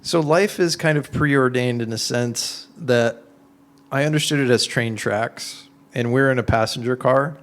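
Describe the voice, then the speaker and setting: A man answering audience questions in an informal talk, explaining his ideas through conversational, animated everyday examples with lots of "like"s. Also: medium pitch, unhurried. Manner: conversational, animated storytelling with many "like"s.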